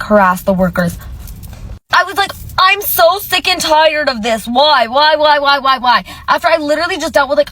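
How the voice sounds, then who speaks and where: A woman's voice: fairly high pitch, no echo, rough recording. A woman working retail, telling a story in a casual, chatty way and acting out the dialogue. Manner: chatty, animated quoting of dialogue. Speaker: retail cashier.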